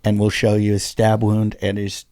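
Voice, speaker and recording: A man who is a comedian, telling a story on a podcast in an animated way and swearing freely. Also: fairly low pitch, moderate pace, dry recording, clean studio sound. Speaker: comedian guest. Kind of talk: casual podcast chat.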